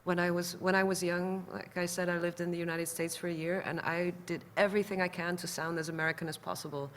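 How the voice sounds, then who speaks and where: A woman's voice: fairly low pitch, flat delivery, fast talker, fairly bright tone, a little hiss or hum. A woman from the Netherlands with a Dutch accent, speaking on a panel as a musician in a thoughtful, candid, somewhat hesitant way. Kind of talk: panel discussion.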